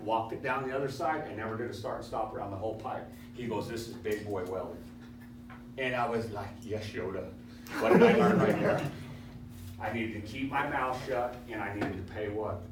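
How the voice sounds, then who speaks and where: A male welding instructor who lectures his class in a swaggering storytelling way and quizzes his students as he goes. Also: medium pitch. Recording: echoey classroom, far from mic, faint hiss.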